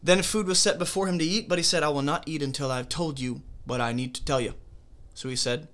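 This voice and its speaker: A man's voice: on the high side, fairly even intonation, a little fast, a bit bright. A man leading a conversational Bible study, reading scripture aloud and then explaining it casually, often checking in with the listener. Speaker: Bible teacher.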